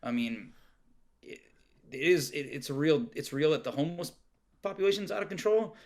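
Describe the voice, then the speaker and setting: A man's voice: a little high, lively intonation, normal speed. A middle-aged man chatting casually as a podcast guest, rambling with frequent restarts and fillers. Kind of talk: casual interview chat. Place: Oregon home.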